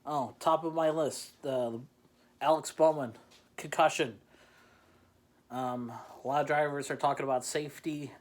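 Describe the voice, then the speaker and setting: A man's voice: on the high side, steady tone, unhurried, pauses often. A man hosting a casual beer-tasting chat from home. He rambles, pokes fun at himself and laughs often. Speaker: host. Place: home in the Chicagoland area.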